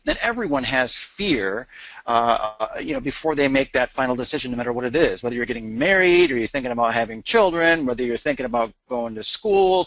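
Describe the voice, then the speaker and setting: A man co-hosts a webinar in relaxed conversation, often stammering and restarting his words. The sound is dry, close and dull, like an online call. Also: mid-range voice, gravelly, no room sound. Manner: halting, repeats words, many fillers. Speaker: webinar co-host. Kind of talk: casual chat.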